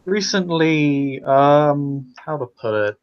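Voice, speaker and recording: A man voicing a formal male werewolf warrior who speaks politely and haltingly, with many pauses. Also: fairly high pitch, animated, dull audio. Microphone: video call.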